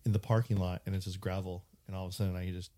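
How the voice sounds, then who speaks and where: Podcast host guy, kinda low voice, tells stories all animated, does little impressions. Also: very fast. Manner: animated storyteller, slips into imitations. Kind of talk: casual chat.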